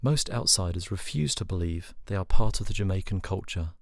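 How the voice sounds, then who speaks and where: A man reading scripted documentary narration in an even, measured way. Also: low voice, vocal fry, a little hiss or hum. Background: guitar and harmonica music.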